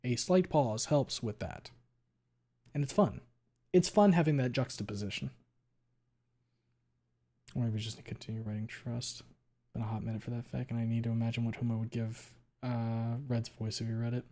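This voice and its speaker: A male streamer chatting casually with viewers, talking quickly and running words together, with a lot of swearing. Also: medium pitch, steady tone, mellow. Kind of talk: casual chat reading viewer messages.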